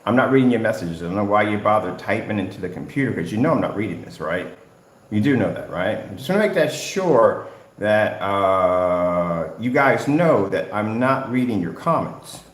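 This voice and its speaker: A man's voice: lowish voice, lively intonation, moderate pace. Confrontational man ranting in an echoey room. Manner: confrontational, lecturing, repeats "at the end of the day". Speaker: business owner ranting at rivals. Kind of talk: livestream rant. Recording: roomy echo.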